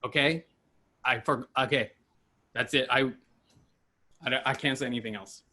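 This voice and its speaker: Angry guy yelling at a commission over a call, swearing, sharp bright voice. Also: mid-range voice, steady tone, a little slow. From Los Angeles. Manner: furious, confrontational, swearing. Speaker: public commenter. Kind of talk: angry public comment.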